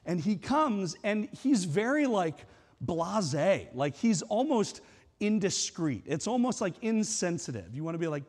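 A man's voice: high voice, big pitch swings, measured pace, darkish tone, in a large hall. A man preaching a sermon as a pastor, casual and conversational, acting out the lines he quotes.

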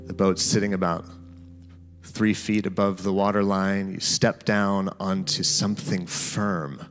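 Guy preaching, slightly low voice, walks you thru the story like you're there, soft music under it. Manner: storytelling, addresses listeners as "you". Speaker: pastor. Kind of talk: sermon with guided imagery.

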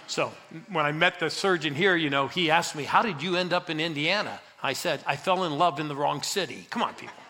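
A man's voice: a little high, brisk, few pauses. An older man, a pastor, telling a story in a sermon and acting out the dialogue as he urges the congregation on. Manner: animated, acts out the dialogue, urges the crowd.

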